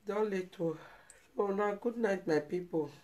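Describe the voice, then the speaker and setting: A woman's voice: mid-range voice, a little slow, darkish tone. A Nigerian woman hosting a live video, speaking in an emotional, pleading way and repeating herself. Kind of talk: emotional live-stream commentary.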